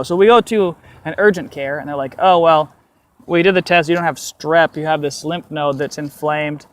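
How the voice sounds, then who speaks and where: Young adult man vlogger, casual and candid, slightly high voice, storytelling on a walk. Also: fairly quick. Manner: candid, animated, swears casually.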